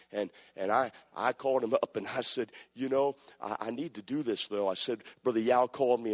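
Preacher in an echoing church. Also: male voice, mid-range voice. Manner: impassioned preaching, swings from shouting to quiet storytelling. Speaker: pastor. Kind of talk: sermon. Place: church sanctuary. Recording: long reverb of a church hall.

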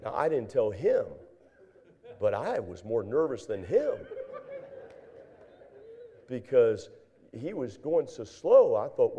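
An older man preaching a sermon, telling folksy stories in an animated way, with many fillers and acted-out dialogue. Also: mid-range voice, takes it slowly, long pauses, highs cut off. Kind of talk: sermon with storytelling.

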